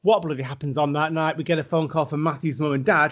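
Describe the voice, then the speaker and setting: A man's voice: on the high side, quick pace, highs cut off. A middle-aged man, chatting casually as a podcast co-host and acting out the people he quotes. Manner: animated storyteller, acts out quotes. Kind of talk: casual chat.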